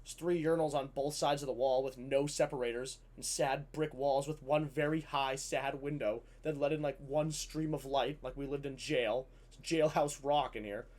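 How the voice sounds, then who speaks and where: A man telling a comedic story in a casual, animated way, swearing freely. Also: medium pitch, normal speed.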